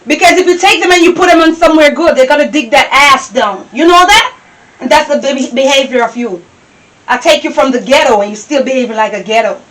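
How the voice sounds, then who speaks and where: An actress with a Jamaican accent playing a bossy, scornful wife who scolds and shouts at her household. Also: sits high, fairly quick, poor audio. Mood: scolding. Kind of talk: comedy skit acting. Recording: loud background noise.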